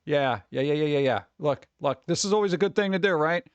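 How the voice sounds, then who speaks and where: A man's voice: fairly high pitch, a little fast, clean tone, dry recording, lo-fi sound. A man streaming casual commentary on food videos, exasperated and sarcastic, rambling and restarting.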